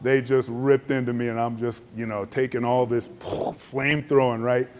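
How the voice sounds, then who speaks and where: Man, middle-aged, speech, animated storytelling, mid pitch. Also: moderate pace. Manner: animated storytelling, acts out other voices with raised pitch. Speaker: Air Force general giving a luncheon speech.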